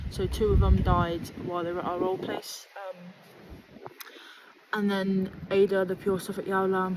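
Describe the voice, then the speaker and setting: A woman's voice: medium pitch, background noise. A woman, a sheep farmer, chatting casually with lots of ums while doing her chores outdoors. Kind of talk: casual farm vlog chat. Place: outdoors on a farm.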